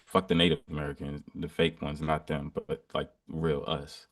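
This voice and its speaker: A man talking in a casual chat, halting with many ums and repeated words, trailing off quietly. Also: extremely low pitch, little pitch movement, no room sound. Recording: distant from the mic.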